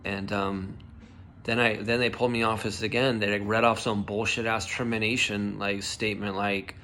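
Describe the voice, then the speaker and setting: A man's voice: on the low side, level tone, moderate pace, bright, forceful tone, slight background noise. A young man telling a personal story in a casual vlog, heated and emotional, swearing a lot and filling with "like" and "dude", his voice shaking. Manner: heated, swears often, many likes and dudes. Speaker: vlogger.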